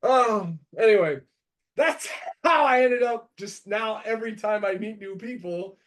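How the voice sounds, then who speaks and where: An American podcast host in his thirties tells stories in a casual chat, rambling animatedly, restarting often, and shouting in different voices when quoting people. His voice is high-pitched and his pace measured.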